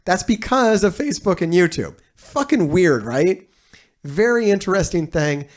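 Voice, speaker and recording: A man's voice: high voice, animated, moderate pace. A man giving casual reaction commentary as a streamer, telling a rambling story full of swearing.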